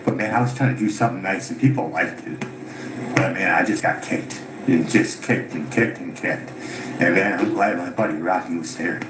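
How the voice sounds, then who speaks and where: In an echoey room with loud noise behind him, a tired, fed-up caller gives an unscripted account of his grievances. His voice is low and his pace moderate, and he swears often.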